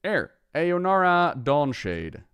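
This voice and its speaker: Male streamer, lively pitch, smooth clear voice, chatty and excitable. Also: takes it slowly, no echo, clean studio sound. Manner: chatty, excitable, talks to the game and chat. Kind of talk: casual live-stream commentary.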